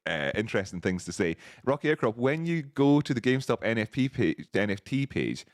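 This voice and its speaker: A man's voice: fairly low pitch, no room sound, studio quality. A man hosting a live stream, chatting casually, laughing often and reading out viewers' messages. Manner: chatty, laughs often, reads chat aloud.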